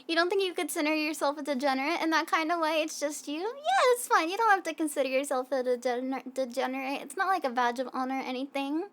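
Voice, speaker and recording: High-voiced giggly streamer woman. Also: expressive, fast, few pauses, fairly bright tone. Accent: Southern American. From United States. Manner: rambling, giggly, chatting with viewers. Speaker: VTuber streamer. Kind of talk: casual stream chat. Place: hot room at home. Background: faint background music.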